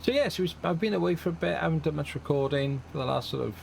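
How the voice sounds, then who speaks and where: A man's voice: on the high side, animated, rapid-fire, vocal fry, a little hiss or hum. A middle-aged man hosting a farming game let's play, chatting casually in a rambling, self-deprecating way. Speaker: gaming channel host.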